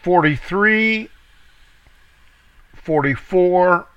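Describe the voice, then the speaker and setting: A man teaching from scripture, reading each verse slowly and deliberately, calling out reference numbers and stressing key words. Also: sits high, a bit bright, clear, resonant tone, muffled recording. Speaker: Bible teacher. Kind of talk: scripture reading with word study.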